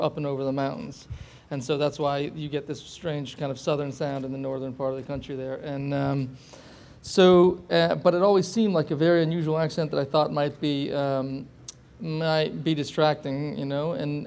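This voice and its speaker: Male actor at a press interview: somewhat high-pitched, rambling, full of "sort of" and "um". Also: a little mellow. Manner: hesitant, rambling, full of hedging fillers. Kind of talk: interview answers.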